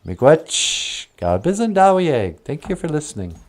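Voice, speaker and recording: A man hosting and telling traditional stories in a slow, musing, casual way, laughing often. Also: a little high, big pitch swings. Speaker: storyteller and host. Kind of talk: casual storytelling.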